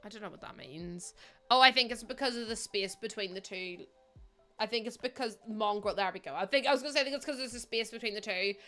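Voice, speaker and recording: A young Northern Irish woman chats easily with her viewers as she builds, her voice bright and forward. Her pitch sits at an average height, and soft game music plays faintly behind her. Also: quick pace. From Northern Ireland. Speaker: game streamer. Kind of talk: casual livestream chat.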